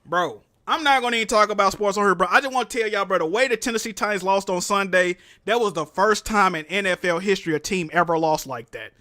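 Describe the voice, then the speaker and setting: A man's voice: high voice, quick pace, hardly any pauses, bright, forceful tone, no room sound. A young man hosting a casual livestream, reading donations and talking with slang, swearing and laughter. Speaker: livestream host.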